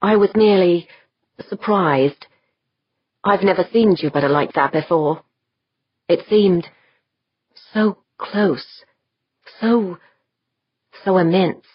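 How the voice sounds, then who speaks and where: A woman's voice: fairly low pitch, takes it slowly, pauses often, breathy edge, dry recording, lo-fi sound. A woman reading the part of an imperious, demanding woman commander who snaps her words in a storybook reading. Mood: shaken. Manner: curt, snapping, commanding.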